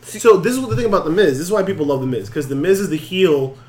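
A man co-hosting a casual chat show, recapping wrestling in an animated way and acting out quotes. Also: a little high, fast, reverberant. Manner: animated, acts out quotes with laughs. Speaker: podcast co-host.

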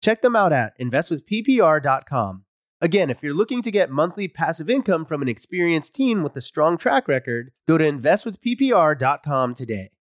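A man's voice: a little high, very animated, brisk, dry recording, clean studio sound. A man hosting a podcast, reading scripted sponsor messages in an upbeat, promotional way. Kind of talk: scripted ad read.

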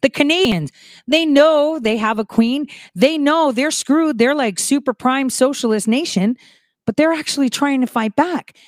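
Woman commentator, animated casual monologue, mid-pitched, close and dry. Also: no echo. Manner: animated, quick shifts from soft asides to emphatic rises. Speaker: online commentator.

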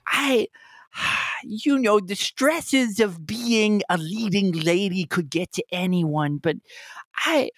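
A man's voice: high voice, takes it slowly, a bit bright, dry recording, studio quality, voice pushed up, heavily acted. A man doing a sniffly, theatrical leading lady. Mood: weepy. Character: weepy dramatic young leading lady.

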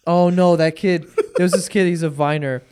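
A man's voice: fairly high pitch, fairly even intonation, normal speed, darkish tone, clean tone. A young man hosting a podcast, telling crude stories and laughing through casual banter with friends. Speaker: podcast host.

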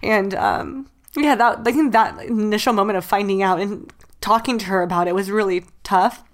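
Young woman, podcast host, teary, halting casual storytelling, mid pitch. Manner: emotional, tearful storytelling with many "like" fillers. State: close to tears.

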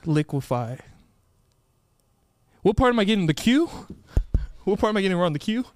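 Goofy self-mocking young man, slightly high. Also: sing-song, normal speed, no room sound, studio quality. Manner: goofy, self-mocking, says "dog" a lot. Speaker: podcast co-host. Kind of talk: casual chat.

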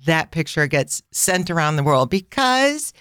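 Chatty woman hosting a podcast, smooth voice. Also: deep voice, big pitch swings, unhurried, a bit bright, no echo, studio quality. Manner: chatty storytelling with tangents and asides. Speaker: podcast host. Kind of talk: casual travel podcast chat.

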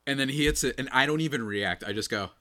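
A young man hosting a casual baseball podcast, talking in a rambling, animated way and often interrupting himself. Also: medium pitch, fast. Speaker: podcast host. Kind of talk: casual sports commentary.

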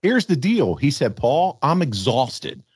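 An upbeat man hosting a podcast, chatting casually with a slightly froggy morning voice. His pitch moves around a lot as he talks. The sound is close and dry, with no room around it. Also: very animated, a little slow, a little mellow, breathy edge, dry recording. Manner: upbeat, laughs easily. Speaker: podcast host.

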